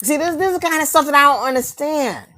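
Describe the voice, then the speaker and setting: A woman's voice: high voice, animated, fast talker, bright, forceful tone. A woman delivering a confrontational, preachy rant to camera, mocking her targets and firing off rhetorical questions and repeated lines.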